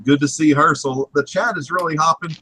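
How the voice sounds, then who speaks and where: A man's voice: on the high side, a little fast, bright, forceful tone, husky, rough recording. A man hosting a comics live stream, laid-back, reading out the chat.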